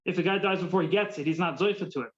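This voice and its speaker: Rabbi guy teaching talmud, fairly high voice, dull lo-fi sound, repeats himself a lot. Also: very fast. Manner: mixes Hebrew-Yiddish terms into English, repeats words while thinking. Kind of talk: Talmud class.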